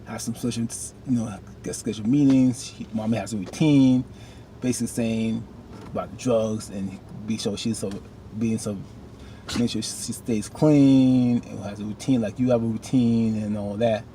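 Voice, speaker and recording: Man, casual TV recap, animated, faint background hiss. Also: fairly low pitch, moderate pace. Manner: animated, talks back to characters with rising outbursts. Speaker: TV recap vlogger.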